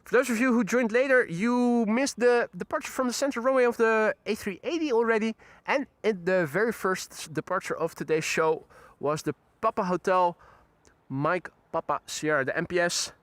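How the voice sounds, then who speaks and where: Male host, high voice, chatty outdoor live commentary. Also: normal speed, a bit bright, dry recording. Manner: chatty, greets viewers, frequent fillers. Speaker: live stream host, plane spotter. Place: outdoors near airport runway.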